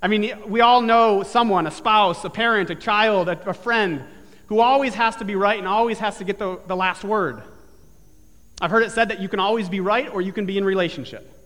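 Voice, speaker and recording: High-voiced pastor preaching in a reverberant hall. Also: male voice, a little fast, a bit bright. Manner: earnest storytelling, building to emphatic repeated phrases. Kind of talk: sermon. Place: church sanctuary with live and online congregation.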